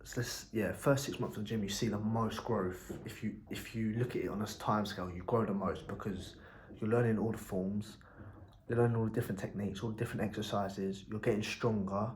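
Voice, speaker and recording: Brief: young entrepreneur, low-ish voice, loose rambling vlog talk, blunt with casual swearing. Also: male voice, fairly even intonation, fairly quick, darkish tone, a little hiss or hum. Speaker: entrepreneur vlogger.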